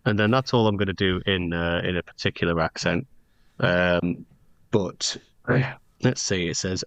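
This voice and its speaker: A man's voice: sits low, measured pace, a bit bright, no echo, highs cut off. A man co-hosting a comedy podcast, chatting jokily and reading an old folk ballad aloud.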